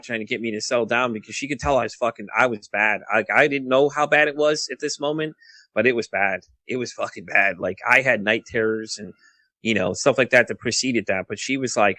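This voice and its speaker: A man in his thirties tells his story in a quick, bright, forceful voice, recorded close and dry with no room sound. He swears often and tumbles over his words, restarting sentences as he rushes ahead. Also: medium pitch, no room sound. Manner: rapid, profane, restless recounting with many restarts. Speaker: podcast guest. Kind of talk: casual storytelling.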